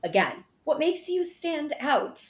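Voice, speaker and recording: A woman hosting an interview podcast, affirming her guest in drawn-out phrases. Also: high voice, very animated. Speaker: podcast host. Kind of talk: casual interview talk. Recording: echoey room.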